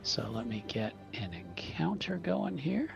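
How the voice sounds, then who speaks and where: A man narrating a tabletop game as game master, pausing often with ums and restarts. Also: mid-range voice, sing-song, creaky, dull audio, music in the background. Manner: hesitant, many ums and restarts.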